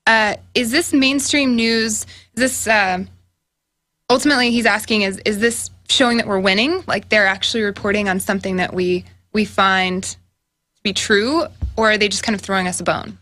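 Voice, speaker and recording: A woman's voice: medium pitch, steady tone, moderate pace, sharp tone. A woman co-hosting a talk show, reading viewer questions in a casual, conversational way.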